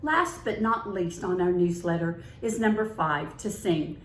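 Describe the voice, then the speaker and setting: A woman teacher slowly and gently coaching a young child, tips for parents, singing a children's song along the way. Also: medium pitch, lively intonation, echoey room, a little hiss or hum, rough recording. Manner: slow, gentle and encouraging, sings along. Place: farm, outdoors.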